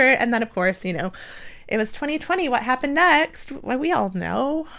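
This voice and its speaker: A woman's voice: sits high, very animated, normal speed, a bit bright. A young woman from the United States, talking casually to camera in a self-deprecating vlog, laughing often and filling with "like". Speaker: vlogger.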